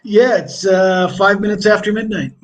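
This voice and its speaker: A relaxed man co-hosts a casual stream late at night, speaking a little high. His delivery is dry and unhurried, broken up by hesitant fillers. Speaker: co-host. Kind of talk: casual chat on a live betting stream.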